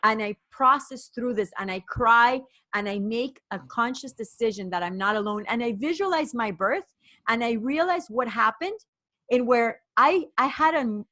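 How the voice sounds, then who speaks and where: Woman coach on a podcast, excited storytelling, lots of restarts, dry close sound. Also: on the high side, no room sound. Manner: animated, breathless retelling with many restarts and quoted dialogue. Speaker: guest, women's performance coach. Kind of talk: emotional personal storytelling.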